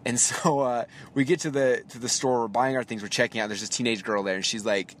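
A man in his thirties, a podcast host, telling a story in a chatty, lively way with quick asides and small laughs, recorded in a car while driving. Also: medium pitch. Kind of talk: casual storytelling monologue. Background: faint vehicle noise.

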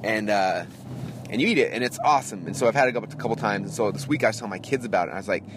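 A man in his thirties hosting a podcast, telling a story in a casual, animated way and acting out the people in it. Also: lowish voice, very fast, background noise. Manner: animated, acts out voices in anecdotes. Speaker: podcast host.

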